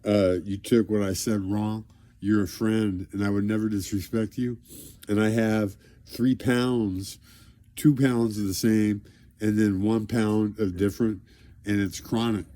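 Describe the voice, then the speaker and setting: Man, low voice, flat monotone, rambling grandiose monologue, dry sound. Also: measured pace, no echo. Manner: grandiose, rambling, drifts between loud and mumbled. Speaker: vlogger addressing a celebrity. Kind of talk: rambling direct-to-camera monologue.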